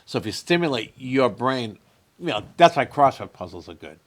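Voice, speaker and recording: In casual chat, a comedian guest in his late sixties tells rambling stories and acts them out with quotes. His mid-range voice swings widely in pitch while he keeps a moderate pace.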